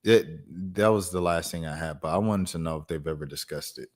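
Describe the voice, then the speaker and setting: A man hosting a live stream and chatting casually, reacting to news in loose slang and thinking out loud. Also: low-pitched, a little fast. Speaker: streamer host.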